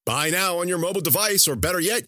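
A man's voice: expressive, sharp tone, dry recording, clean studio sound. A man doing a sing-song ad announcer. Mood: sing-song salesy. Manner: sing-song, slowed, sales pitch.

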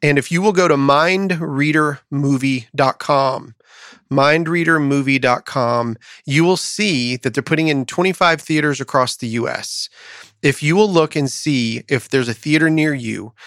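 A man's voice: mid-range voice, measured pace, a bit bright, no echo, studio quality. A man hosting a podcast, chatting casually and telling jokes in an upbeat storytelling manner. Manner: upbeat, storytelling with acted quotes. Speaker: podcast host. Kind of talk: casual chat and joke telling.

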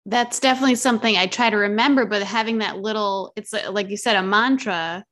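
A woman's voice: mid-range voice, brisk. Enthusiastic woman podcast host. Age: adult mother. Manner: warmly affirming, enthusiastic. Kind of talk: casual interview chat.

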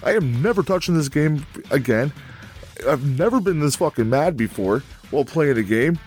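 A man's voice: a little high, lively intonation, normal speed, darkish tone, faint music behind. A man co-hosting a game review, ranting angrily and swearing constantly, laughing between insults. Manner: angry, foul-mouthed, laughs between jabs. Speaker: co-host reviewing a video game. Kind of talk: profane comedic rant.

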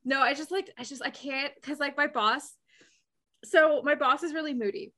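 Casting: young woman, high bright voice, rambling animated storyteller, podcast chat. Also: moderate pace. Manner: animated storytelling, lots of "like" fillers. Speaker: podcast co-host. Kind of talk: casual chat.

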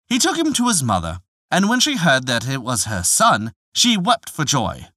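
A man narrating a folk tale in a lively, expressive storytelling manner. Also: mid-range voice, moderate pace, dry recording, studio quality.

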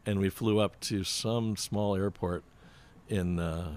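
A man's voice: sits low, fairly even intonation, slow pace, a little mellow. A man, a music producer, telling rambling anecdotes in a casual chat, often breaking into laughter. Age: older.

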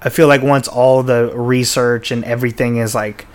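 A man's voice: medium pitch, level tone, moderate pace. A man hosting a podcast in casual chat, talking in a rambling, profane way full of restarts and fillers. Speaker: podcast host.

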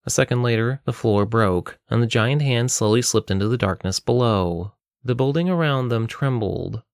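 A man reading an adventure story aloud in a steady, measured way. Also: medium pitch, no echo, studio quality. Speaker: narrator.

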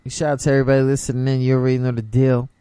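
A man's voice: medium pitch, little pitch movement, racing, warm tone, a little hiss or hum. Rambling New man hosting a show. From the Bronx, New York. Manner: loose, rambling, keeps saying "you know what I'm saying". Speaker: host. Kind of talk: casual late-night show chat.

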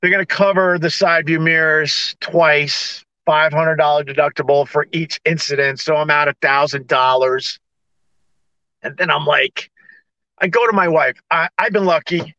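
A man's voice: on the high side, steady tone, moderate pace, bright, forceful tone, dry recording, dull audio. A man ranting sarcastically on a live stream from his parked car, acting out both sides of his conversations. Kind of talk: ranting casual monologue. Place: parked car on a city street.

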